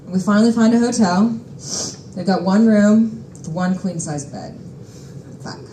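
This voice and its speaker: A woman's voice: mid-range voice, a little slow, warm tone, roomy sound, a little hiss or hum, poor audio. A young adult woman telling a personal story on stage, wry, exasperated and freely profane. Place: stage at a live storytelling show.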